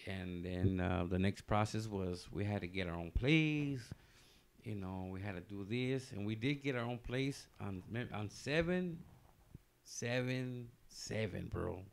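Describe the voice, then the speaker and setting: A man's voice: on the low side, unhurried, vocal fry. A man telling a long personal story on a casual podcast, rambling loosely with many fillers and restarts.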